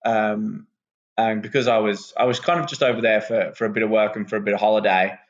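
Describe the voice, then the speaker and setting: A wrestler, relaxed and rambling with lots of ums, chatting as a guest on a podcast. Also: male voice, fairly low pitch, a little fast. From England. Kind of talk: casual podcast interview. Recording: muffled lo-fi sound.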